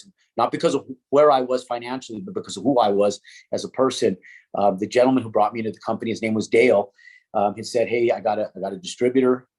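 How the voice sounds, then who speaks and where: Relaxed and conversational, a middle-aged entrepreneur being interviewed tells a casual story from his own past in a slightly low, husky voice. He curses freely and performs other people's lines with animated quoted dialogue.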